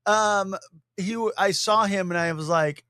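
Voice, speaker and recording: A man's voice: sits high, a little slow, no echo, clean studio sound. A man co-hosting a podcast in casual chat, acting out quotes as he tells stories. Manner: animated storytelling, acting out quotes. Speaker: podcast co-host and shop owner.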